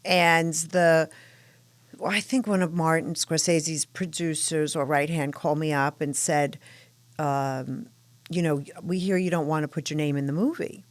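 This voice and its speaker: A woman's voice: low-pitched, unhurried, no room sound. Middle-aged Brooklyn woman, dry close sound. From New York. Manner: lively anecdotal storytelling, warm affirmations. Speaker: guest psychotherapist and author. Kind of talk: casual interview chat.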